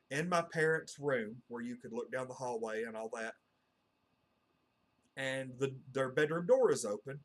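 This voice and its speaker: A channel host with a mid-range, slightly bright voice tells a personal story to camera. He's earnest and meandering, leaning heavily on fillers like "uh" and "you know."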